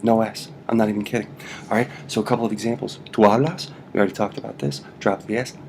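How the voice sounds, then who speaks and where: A man's voice: on the low side, little pitch movement, racing, darkish tone, slight background noise. A man teaching a casual video lesson on Spanish grammar, playful and jokey, checking in with "right?" after nearly every point. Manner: playful, repeats "right?" constantly, jokey asides.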